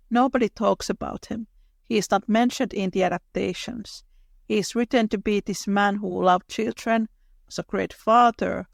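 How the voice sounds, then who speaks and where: A woman's voice: mid-range voice, gravelly, no echo, studio quality. A woman co-hosting a podcast, thoughtfully adding details from the book in casual chat. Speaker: podcast co-host.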